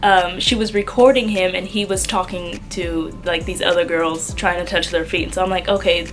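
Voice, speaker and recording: A young woman telling a story in a casual vlog, chatty and animated. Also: on the low side, normal speed, soft background music. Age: young adult. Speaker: vlogger.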